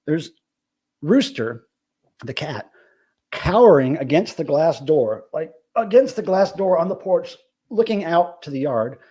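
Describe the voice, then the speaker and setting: A man hosting a live stream, telling a story in a casual, profane, excitable rant. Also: a little high, a little slow, slightly rough. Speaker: live show host.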